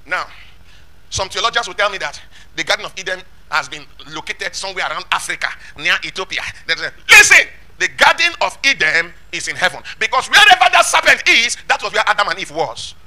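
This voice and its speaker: A man preaches a sermon in a very high, bright, ringing voice, talking fast with lively intonation that swings up and down in pitch. He presses each point home with rhetorical questions and shouted scripture.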